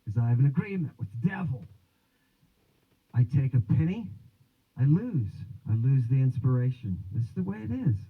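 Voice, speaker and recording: This man hosts a religion and language livestream, lecturing in a rambling, theatrical manner that swings between musing and mocking asides. His mid-range voice has big pitch swings and a slightly rough edge, and he speaks at a moderate pace. The recording sounds thin, like a phone.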